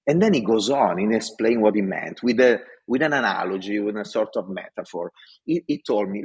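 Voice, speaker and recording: Passionate man, husky voice. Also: on the low side, fairly quick. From Italy. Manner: passionate, animated. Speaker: design executive speaker. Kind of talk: storytelling talk.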